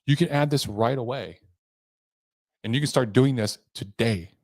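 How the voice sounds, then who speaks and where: This sales trainer speaks in a mid-range, slightly mellow voice at normal speed on his own podcast. His motivational coaching is emphatic, shifting pace and tone for effect, and the studio-quality sound has no echo.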